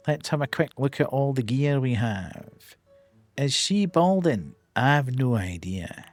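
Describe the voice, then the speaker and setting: Slow-talking man streaming a game. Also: mid-range voice, expressive, a little mellow, soft background music. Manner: chatty, muttering to himself while playing. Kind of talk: casual game commentary.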